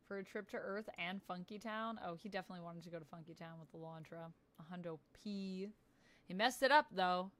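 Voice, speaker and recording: A woman's voice: on the low side, a little fast, fairly bright tone. A woman in her thirties chatting casually on a livestream, upbeat and reading out viewer messages. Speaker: streamer.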